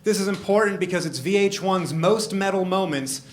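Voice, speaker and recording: High-voiced man doing stand-up. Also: normal speed. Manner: animated, jumps to shouted punchlines. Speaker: stand-up comedian. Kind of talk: stand-up comedy set. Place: comedy club stage. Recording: echoey, noisy live club recording.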